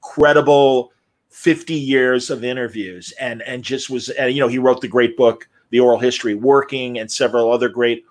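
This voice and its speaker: A man's voice: medium pitch, steady tone, normal speed. A man hosting a live Q&A interview, telling anecdotes animatedly and acting out the people he quotes. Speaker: host.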